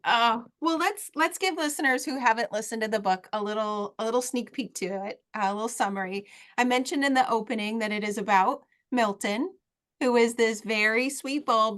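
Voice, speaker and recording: A woman's voice: on the high side, fairly bright tone. A woman hosting a podcast interview, who affirms and sums up her guest's points in a casual chat. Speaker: podcast host.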